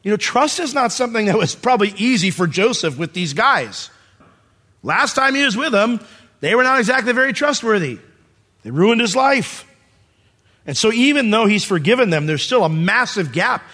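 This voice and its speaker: A male pastor preaching a sermon in a church, animated and acting out the scene in different voices. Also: high voice, moderate pace.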